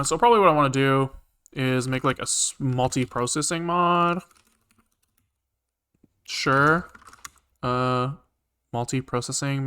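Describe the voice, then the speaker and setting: Bright, clear-voiced man thinking aloud. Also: mid-range voice. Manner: rambling, thinking aloud with many fillers and swearing. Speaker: programming streamer. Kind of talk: casual live-coding commentary.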